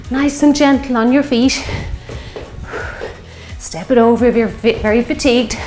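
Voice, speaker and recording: A fairly high-voiced woman in her fifties coaches a workout class, calling out moves and cheering her class on. She sounds a little breathless at times. Her voice rings in an echoey room with music playing underneath. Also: moderate pace, long pauses. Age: 50s. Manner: encouraging, upbeat cues over exercise. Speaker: fitness instructor.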